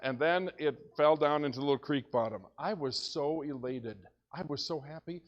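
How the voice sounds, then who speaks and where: A man preaching as a pastor, telling a story in an animated way and shouting when excited, in a church. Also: a little high, normal speed, highs cut off. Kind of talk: storytelling sermon. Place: church sanctuary.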